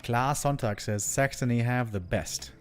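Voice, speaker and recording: A man's voice: medium pitch, unhurried, soft background music. A man from Germany casting a live strategy game stream, chatting with viewers in playful banter. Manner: playful, animated banter with sudden loud outbursts. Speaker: esports caster.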